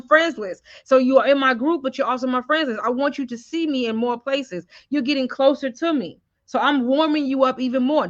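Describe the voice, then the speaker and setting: Woman coach on a live stream, higher bright voice, keeps asking if it makes sense, kinda muffled lo-fi sound. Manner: keeps checking in with viewers. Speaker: sales coach.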